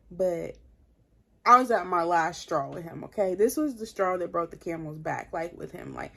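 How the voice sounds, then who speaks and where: A young woman vlogger telling a personal story in an animated, casual way, full of "like". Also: lowish voice, gravelly. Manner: animated, heavy filler "like". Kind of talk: storytime vlog.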